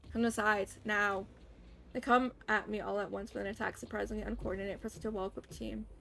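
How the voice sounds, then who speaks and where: Gravelly young woman reading a game. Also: medium pitch, steady tone, quick pace, fairly bright tone, slight background noise. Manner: dramatic first-person reading with casual asides. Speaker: streamer. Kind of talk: reading a game script aloud as a live stream.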